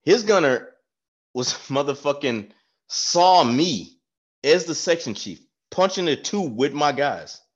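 A man telling an animated, profane army story with frequent laughs in casual podcast chat. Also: a little high, takes it slowly, breathy edge. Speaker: podcast co-host, former staff sergeant. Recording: dull lo-fi sound.

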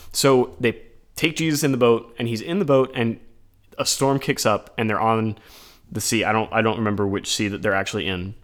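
A man co-hosting a podcast, talking through scripture readings in an earnest, conversational way, with animated retellings. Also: medium pitch. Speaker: podcast co-host. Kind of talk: casual chat about scripture readings.

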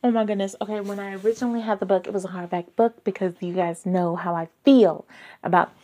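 A woman chatting casually about books, gushing and excitable, with breathless exclamations and hushed asides. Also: mid-range voice, fast. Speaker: book vlogger. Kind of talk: casual chat.

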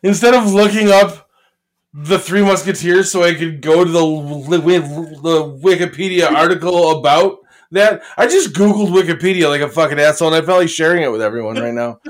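A man talking films in a relaxed, rambling way, cursing freely and poking fun at himself. His voice sits slightly high for a man. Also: fairly quick. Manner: self-mocking, swears freely, loose and rambling. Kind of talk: casual movie chat.

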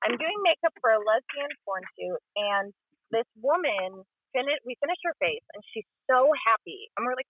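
A woman's voice: a little high, breathy edge, no echo, narrow, tinny audio. A woman doing a rambling, profane, self-deprecating stand-up set on stage and introducing the next comic. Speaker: comedian and show host. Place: comedy club stage.

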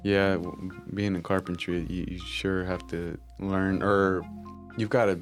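Male host, deep and monotone, relaxed and hesitant in his questions; faint music bed. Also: unhurried. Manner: laid-back, many short "yeah" backchannels, hesitant questions. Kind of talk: casual interview chat.

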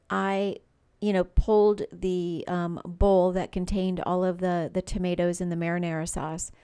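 A middle-aged woman hosts a faith podcast in a chatty, personal way, leaning on fillers and asides. Her voice sits a bit low and dark, with a gravelly fry running through it. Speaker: podcast host. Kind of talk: faith-based podcast monologue.

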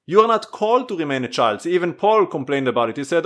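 A man preaching an earnest sermon, pressing his listeners with repeated pleas. His voice sits a little high and swings widely in pitch. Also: big pitch swings, quick pace, hardly any pauses, fairly bright tone. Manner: earnest, exhorting, repetitive pleading.

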